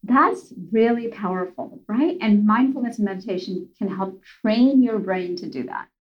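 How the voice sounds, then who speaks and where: A woman calmly explaining coping techniques in a casual advice chat, enthusiastic and explanatory. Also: mid-range voice, moderate pace, highs cut off. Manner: enthusiastic, explanatory, addresses host by name. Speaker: guest expert.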